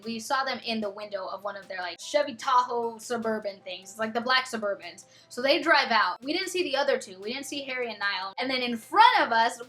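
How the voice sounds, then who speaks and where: A young woman in her twenties telling a storytime vlog with excitable, dramatic, gushing fangirl energy. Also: a little high. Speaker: vlogger.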